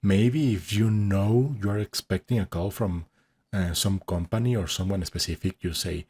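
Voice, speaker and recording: A man's voice: sits low, moderate pace, warm tone, slight background noise. A man hosting a reaction video, commenting casually with hesitant restarts and frequent laughs.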